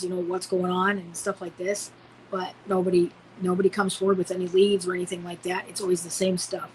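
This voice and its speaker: A woman in her forties from Illinois, a podcast guest telling a personal story with many ums and restarts, her voice jumping up when she acts out the shouts in it. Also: mid-range voice, a little hiss or hum, low-quality recording. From Illinois, USA. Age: 40s.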